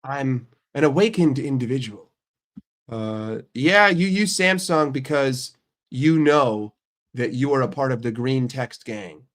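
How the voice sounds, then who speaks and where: Speaking slowly in a fairly bright, medium-pitched voice, this young streamer from the US rants casually on his channel. He swears heavily and comes across as brash.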